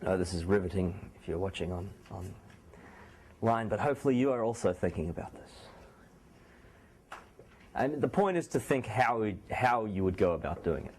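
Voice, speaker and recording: Soft-spoken male lecturer with a sore throat. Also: fairly low pitch, moderate pace, long pauses, a little hiss or hum. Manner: speaks softly, not loudly; relaxed, joking asides to students. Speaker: university lecturer. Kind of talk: classroom lecture. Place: small lecture room.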